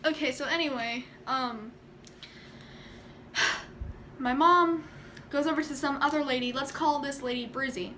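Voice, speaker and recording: A young woman telling a story in a casual vlog, chatty and animated, acting out quotes and laughing often. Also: high-pitched, unhurried, pauses often, a little hiss or hum. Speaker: vlogger.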